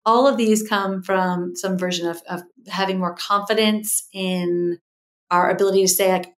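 A middle-aged woman, a guest expert on a podcast, explaining communication habits in a lively way and acting out quoted voices. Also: mid-range voice, moderate pace. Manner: animated, acts out quoted voices, explains in lists. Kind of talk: podcast interview.

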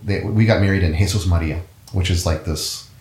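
A man's voice: sits low, brisk, darkish tone. A middle-aged man, a musician guest in an interview, telling his story in an easygoing, rambling way and often correcting himself. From United States. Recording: roomy echo.

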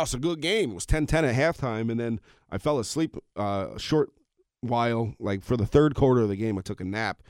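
A man's voice: mid-range voice, darkish tone, clean tone, no room sound, studio quality. A middle-aged man hosting his own podcast, ranting in a casual, rambling way with self-aware asides. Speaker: podcast host. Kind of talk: casual solo podcast rant.

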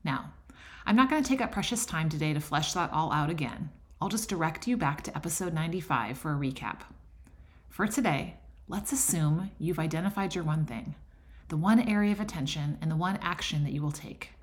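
A woman's voice: low voice, lively intonation, brisk, husky, no room sound. A middle-aged woman hosting a faith-based podcast, talking in an encouraging, conversational way. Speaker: podcast host. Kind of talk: scripted podcast intro and casual teaching.

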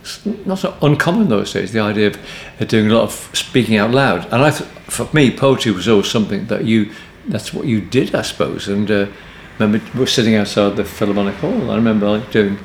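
A man's voice: on the low side, lively intonation, a little fast, few pauses, slight background noise. A man in his eighties with a Liverpool accent, telling wry, meandering stories as a guest in an interview, often stopping and restarting his sentences. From Liverpool area, England. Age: 80s. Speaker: poet guest. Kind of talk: relaxed anecdotal interview answers. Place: hotel book room, indoors. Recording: roomy echo, faint ambience.

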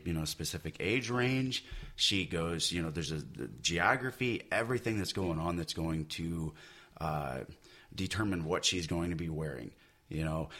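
Brief: deep-voiced male artist, loose conversational ramble, lots of "you know.". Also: fairly bright tone. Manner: rambling, many you-knows and restarts. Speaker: comic book artist. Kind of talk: casual podcast chat.

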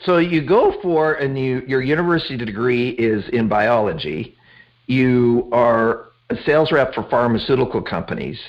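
A man's voice: medium pitch, expressive, moderate pace. A man hosting an interview, asking conversational, probing questions. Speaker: host. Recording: dull lo-fi audio.

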